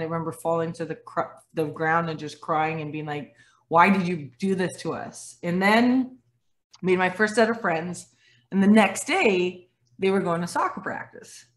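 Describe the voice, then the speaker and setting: Woman in her 40s on a video call, grew up in canada, tells stories with lots of voices and laughs, kinda low pitch. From Dominica, raised in Canada. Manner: animated storyteller, acts out quoted voices, laughs often. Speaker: guest speaker, former athlete.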